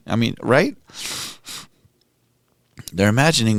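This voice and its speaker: Low-voiced man musing on scripture. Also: lively intonation, a little slow, long pauses, clear, resonant tone, no room sound, clean studio sound. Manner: musing, conversational, thinks aloud with restarts. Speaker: podcast host. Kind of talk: contemplative scripture reflection.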